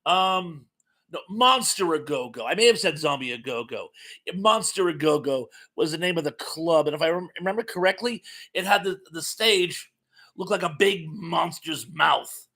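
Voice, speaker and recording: Man, middle-aged, from Massachusetts, casual livestream chat, jokey asides, bright tone. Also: a little high, animated, moderate pace, vocal fry. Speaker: livestream host. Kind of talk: casual live chat, reading comments aloud.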